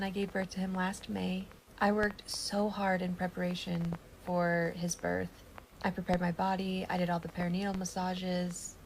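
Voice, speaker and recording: A woman's voice: medium pitch, gravelly, slight background noise, low-quality recording. A young woman recovering from surgery, telling a personal story in a casual, earnest, hurt tone as she warns others.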